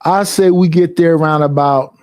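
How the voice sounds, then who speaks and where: A young man talks at an unusually high pitch for a man, swearing freely as he vents in a casual streaming rant. The sound is dry and close, with no room around it. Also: normal speed, dry recording. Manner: profane, animated complaining.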